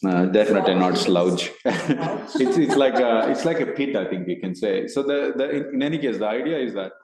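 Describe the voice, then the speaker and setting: A man's voice: mid-range voice, lively intonation, normal speed, roomy sound, a crowd in the background, low-quality recording. A man with an Indian accent, co-hosting a meditation podcast, explaining ideas in a rambling, casual way. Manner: rambling, explanatory, often restarts, acts out inner voices. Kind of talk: casual spiritual discussion. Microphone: online meeting recording.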